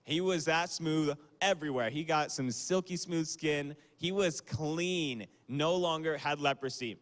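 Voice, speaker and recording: A man's voice: fairly high pitch, measured pace. A young man giving a casual, conversational youth sermon on a livestream, with fillers and small apologies. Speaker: youth speaker. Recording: long hall reverb.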